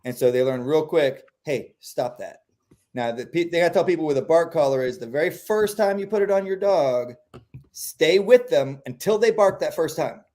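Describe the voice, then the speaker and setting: Man, dog trainer, casual explainer, slightly high voice, animated. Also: fairly quick. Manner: animated, acts out quotes in voices.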